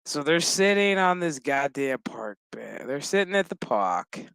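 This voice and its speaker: A man's voice: a little high, very animated, measured pace, gravelly, a bit bright, clean tone, dry recording, low-quality recording. A man casually retelling a TV episode, crude and joking, chuckling as he acts out the characters' lines. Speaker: show recap host. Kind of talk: casual profane episode recap.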